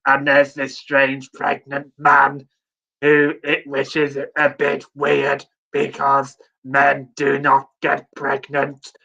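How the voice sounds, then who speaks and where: Guy on a stream, slow and gravelly, kinda blunt. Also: mid-range voice, completely flat delivery, sharp tone, low-quality recording. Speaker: guest. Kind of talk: casual stream chat.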